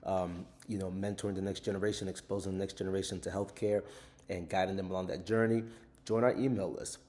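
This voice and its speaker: A man's voice: low-pitched, steady tone, a little fast, a little mellow. A man hosting a podcast, casually giving an overview of his own book in an earnest way and often adding tag questions. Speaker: author and podcast host.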